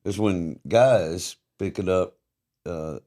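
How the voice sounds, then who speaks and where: A man hosting a podcast interview, musing in a relaxed, reflective way. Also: low-pitched, slow pace. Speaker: podcast host.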